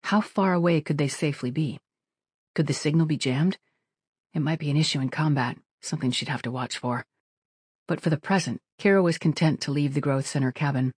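An audiobook narrator reading in a steady, even manner at a middling pitch. The sound is close and completely dry, with no room around the voice. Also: a little fast, breathy edge, dry recording. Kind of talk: scripted narration.

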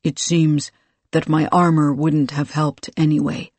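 A narrator voicing blunt, formal fighter Karoosh. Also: male voice, on the high side, flat delivery, unhurried, darkish tone, dry recording. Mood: flat, formal.

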